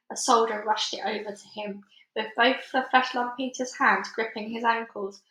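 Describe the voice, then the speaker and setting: Bright-voiced woman reading a storybook aloud. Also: medium pitch. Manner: lively, dramatic storytelling. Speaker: storybook reader. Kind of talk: children's book read-aloud. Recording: roomy echo.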